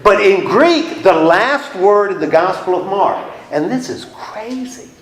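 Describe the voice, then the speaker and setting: Guy teaching a bible class, kinda high voice, joking around, echoey room. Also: animated, measured pace. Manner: chatty, playful, acts out little scenes with laughs. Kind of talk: casual Bible class lecture.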